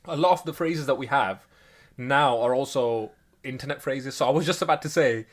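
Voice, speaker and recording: A man's voice: medium pitch, moderate pace. A young man co-hosting a podcast in casual chat, ranting animatedly and laughing. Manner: animated, laughing, incredulous rants. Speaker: podcast co-host.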